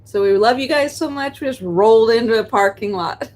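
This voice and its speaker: A woman's voice: a little high, brisk, a little mellow. A woman co-hosting a live stream from a parked vehicle, teasing her partner and greeting viewers by name. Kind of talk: casual live-stream chat. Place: parked vehicle behind a restaurant.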